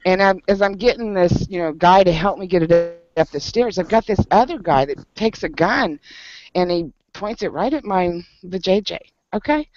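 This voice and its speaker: At a book club meeting, a man with a high voice tells a story in casual group talk, speaking at a normal pace. He's an animated storyteller who laughs often and uses lots of fillers. The recording is dry and has a dull, lo-fi sound.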